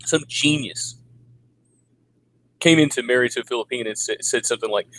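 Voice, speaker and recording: Forties male streamer, crude sarcastic ranter, mid-pitched voice, mocks others with high put-on voices. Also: a little fast, fairly bright tone, slight background noise, poor audio. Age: 40s. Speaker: vlogger. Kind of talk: casual livestream rant. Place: home in the Philippines.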